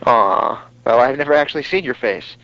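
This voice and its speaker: A man's voice: mid-range voice, lively intonation, moderate pace, bright, forceful tone, dry recording. A man with a New York accent, co-hosting a casual wrestling podcast and joking with his partner. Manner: joking, teasing. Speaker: podcast co-host. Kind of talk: casual chat. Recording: dry, muffled lo-fi audio.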